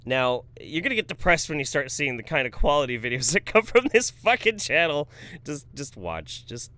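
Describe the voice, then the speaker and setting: A man in his thirties hosting a live stream, reading viewer donations in a relaxed, profane, jokey way. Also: medium pitch, a little fast. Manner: laid-back, swears freely, laughs often. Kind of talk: casual live-stream commentary.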